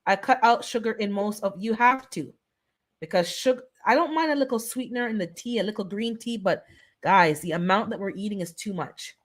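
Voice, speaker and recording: A woman's voice: medium pitch, fairly quick. A woman of Jamaican descent hosts a casual live-stream chat. Her delivery is earnest and pleading, and she repeats herself to drive points home. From Caribbean, of Jamaican descent. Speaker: host of a live wellness chat.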